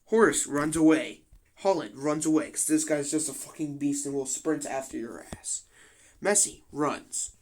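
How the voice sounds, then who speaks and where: A man's voice: on the high side, moderate pace, darkish tone. A young man giving casual commentary on a game simulation, slangy and full of swearing and joking asides.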